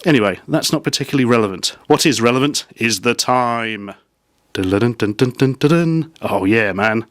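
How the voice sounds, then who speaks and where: A man chats through a casual gadget review, peppering it with dry, self-mocking jokes. His voice sits at an ordinary middle pitch and is recorded with a dry, close sound. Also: dry recording.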